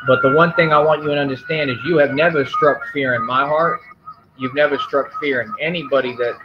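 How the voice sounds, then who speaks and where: A man's voice: medium pitch, highs cut off. A man streamer in an angry, profane on-camera rant, taunting and aggressive.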